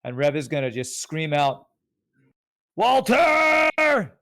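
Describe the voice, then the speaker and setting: A man's voice: mid-range voice, measured pace, no echo. Thoughtful male tabletop player. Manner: thoughtful, explaining his character's choices. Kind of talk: casual tabletop game chat.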